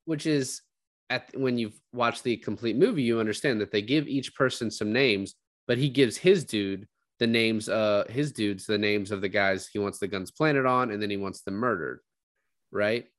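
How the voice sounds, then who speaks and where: A man's voice: fairly low pitch, normal speed, no echo. A man co-hosting a casual film chat, rambling and swearing freely as he retells scenes. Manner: rambling, profane, acts out quotes. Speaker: podcast co-host discussing a film.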